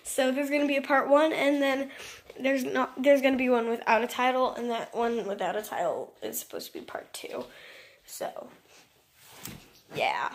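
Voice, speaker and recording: A woman with a high voice vlogs casually from home, lying on her floor. She talks at an unhurried pace, rambling and mocking herself. Her voice sinks to near mumbles and then leaps into sudden loud bursts, with faint noise under it. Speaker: vlogger.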